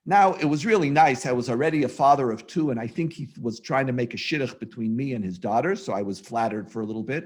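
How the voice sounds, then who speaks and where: A man who is a rabbi, giving a humorous storytelling lecture over a video call in an animated, self-mocking way. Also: mid-range voice, fast talker.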